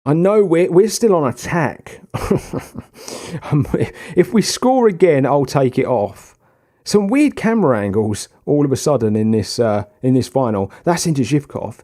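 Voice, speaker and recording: A young man commentating on his own football management game, swinging from tactical muttering to excited shouts. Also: fairly high pitch, measured pace. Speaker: gaming video host. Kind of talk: casual gameplay commentary.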